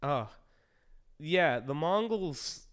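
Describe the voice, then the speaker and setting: A man's voice: a little high, lively intonation, extremely slow, a bit bright, clean tone. A young man streaming, chatting casually and rambling through game stories with acted-out quotes. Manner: rambling storyteller acting out quoted lines. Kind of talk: casual gaming chat.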